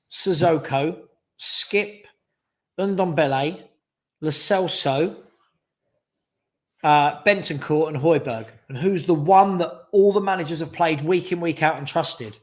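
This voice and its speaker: On a live fan stream, the host reads out viewer questions, chatting casually and giving strong opinions. His voice is on the high side and a little mellow.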